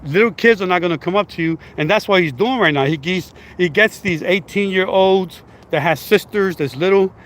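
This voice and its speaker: A man's voice: high voice, normal speed, few pauses, fairly bright tone, a little hiss or hum. A man talking bluntly in a casual vlog commentary, rambling and swearing freely. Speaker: vlogger.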